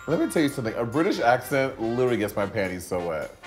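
Man, drag queen guest, from the US, brash, bawdy, lively pitch. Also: fast talker, soft background music. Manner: brash, sassy, bawdy, laughing often. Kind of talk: casual reaction chat.

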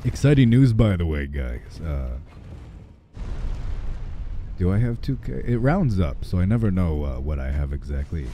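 Deep-voiced, hoarse man chatting to chat. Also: big pitch swings, moderate pace, long pauses, warm tone, a little hiss or hum. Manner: rambling, joking, talks to chat. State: hoarse, a bit raspy. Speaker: livestreamer. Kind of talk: casual livestream chatter.

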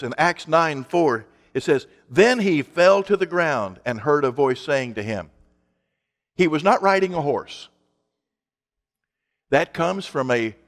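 A man's voice: on the high side, a bit bright, big-room sound. A male pastor preaching a sermon in an emphatic, conversational way, asking his congregation rhetorical questions.

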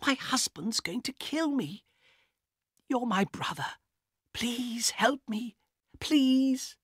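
A man voicing a desperate, frightened young woman in a storybook, speaking high and pleading. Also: slow, bright, forceful tone, slightly rough, dry recording, studio quality, full character voice.

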